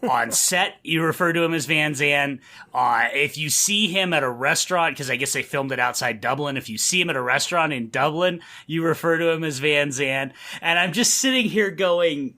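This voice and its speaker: A man's voice: a little high, normal speed, pushed and bright. An American man co-hosting a casual movie podcast, telling stories with wry amusement. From United States. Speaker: podcast co-host. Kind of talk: casual movie-review chat.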